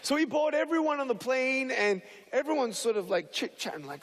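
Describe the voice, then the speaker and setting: A man's voice: very high voice, animated, a little fast, hardly any pauses, fairly bright tone, in a large hall. A man giving a humorous speech to an audience, telling stories playfully and acting out scenes, with many fillers and restarts. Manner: playful storyteller who acts out scenes. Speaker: public speaker.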